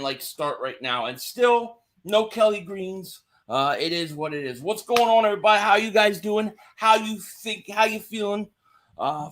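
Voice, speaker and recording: Casual stream host, male, higher register, bright edge, chatty and greeting the chat. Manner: chatty, greets viewers by name. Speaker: livestream host. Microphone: home streaming mic.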